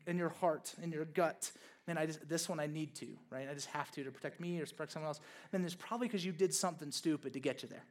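High-pitched male pastor; relaxed, rambling storyteller style in a sermon. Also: fast talker. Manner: casual storytelling, lots of fillers like "like" and "okay".

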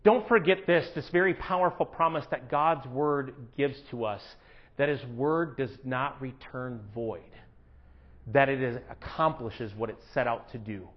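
A man preaching a sermon in church, animated, swinging between hushed asides and loud emphatic lines. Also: medium pitch, a little slow, lo-fi sound. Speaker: pastor.

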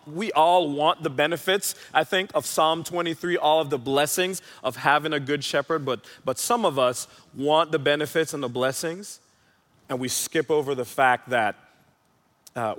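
Bright, high-voiced pastor preaching. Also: male voice. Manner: earnest, emphatic preaching with repeated phrases. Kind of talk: sermon. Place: church hall with audience. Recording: long hall reverb.

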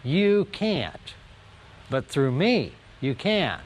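A man, telling his own story of forgiveness in an earnest, slow way. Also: fairly high pitch, sing-song. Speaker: testimony speaker. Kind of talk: personal testimony. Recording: music bed underneath.

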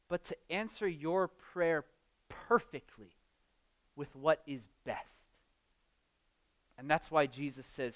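A young man preaching a sermon, earnest and emphatic, growing animated as he acts out everyday scenes. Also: on the high side. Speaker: campus ministry preacher.

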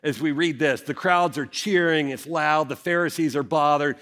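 A man's voice: fairly high pitch, normal speed, fairly bright tone. A male pastor preaching a sermon, reading scripture aloud and then explaining it earnestly, rising for emphasis.

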